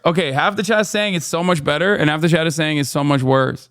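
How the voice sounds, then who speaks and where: A man's voice: fairly high pitch, quick pace, hardly any pauses, clean tone, no room sound, studio quality. A man hosting a live reaction stream, casual, joking and sarcastic, and talking back to his chat. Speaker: streamer host.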